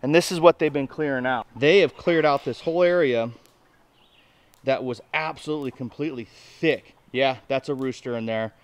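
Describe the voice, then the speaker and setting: A man hosting a casual farm vlog outdoors, chatting folksily to the camera and talking to his goats in an excited sing-song. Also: medium pitch, normal speed, clear, resonant tone. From Nebraska, USA. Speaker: homestead vlogger.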